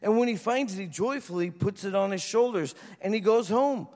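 A man preaching a sermon as pastor, telling stories in an animated way and acting out voices. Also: high-pitched, a little fast. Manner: animated storytelling, acts out voices. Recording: reverberant hall.

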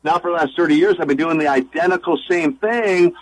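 A man's voice: a little high, a little fast, rough recording. A man in his sixties, a former wrestler and minister, speaking as a guest in a radio interview, earnest and eager, with many restarts and long lists.

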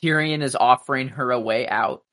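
Male podcast co-host, casual chat, bright voice, halting and rambly delivery. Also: medium pitch. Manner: rambling, halting, full of fillers and restarts. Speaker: podcast co-host reacting to a TV episode.

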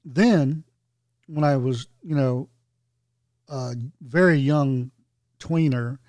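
A man from North Carolina co-hosting a podcast, talking in a relaxed, unhurried way. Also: mid-range voice, no echo. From North Carolina, USA. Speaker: podcast co-host. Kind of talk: casual chat.

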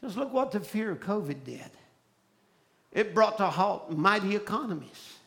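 High, bright-voiced fiery male preacher. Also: big pitch swings, normal speed, creaky. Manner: shouting and dropping to a hushed low voice. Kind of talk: fiery sermon.

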